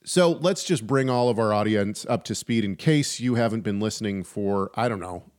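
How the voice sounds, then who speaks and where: A man co-hosting a casual faith podcast, talking in an animated, chatty way with frequent restarts and asides. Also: fairly low pitch, normal speed. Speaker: podcast co-host.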